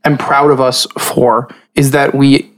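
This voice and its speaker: A man hosting a tabletop game podcast, chatting casually in a rambling, animated way and laughing often. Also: medium pitch, unhurried. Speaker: podcast host and dungeon master.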